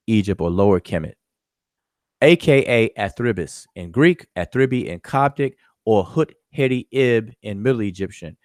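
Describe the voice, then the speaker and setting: A man's voice: mid-range voice, a little mellow, dry recording, studio quality. A man giving an informal spoken recap of a lecture, explaining step by step with frequent fillers. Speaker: lecturer summarizing a discussion.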